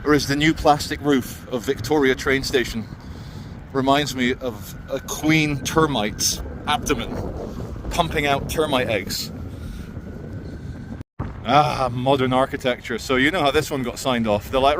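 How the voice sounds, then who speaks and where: A man's voice: mid-range voice, measured pace, fairly bright tone, a little hiss or hum. A man vlogging as he walks outdoors through a city, talking in a sardonic, ranting way. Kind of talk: walking vlog commentary.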